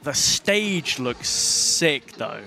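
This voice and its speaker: A man's voice: on the high side, very animated, very slow, vocal fry, pushed and bright. A British streamer hosting a watch party, chatting to viewers. His voice rises and falls a lot, but he takes his time. Faint music plays behind him. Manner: chatty, reacting aloud, talking to chat. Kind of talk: casual live-stream chat.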